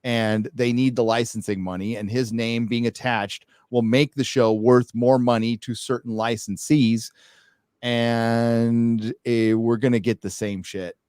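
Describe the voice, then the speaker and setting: A man's voice: mid-range voice, steady tone, measured pace, darkish tone, clear, resonant tone, dry recording, studio quality. Stammering American man, blunt opinions. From United States. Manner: skeptical, stammering restarts, blunt. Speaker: podcast host. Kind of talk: opinionated casual talk.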